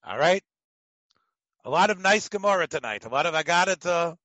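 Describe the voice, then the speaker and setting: A middle-aged man with an American accent teaching a casual Talmud lesson as a lively storyteller with joking asides. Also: a little high, fairly quick, no room sound, poor audio.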